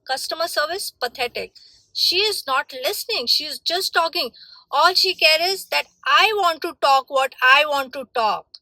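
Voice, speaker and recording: A woman's voice: high voice, unhurried, sharp tone, no room sound, low-quality recording. A young woman vlogging on the way home, complaining in an indignant, emphatic way. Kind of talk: casual vlog rant.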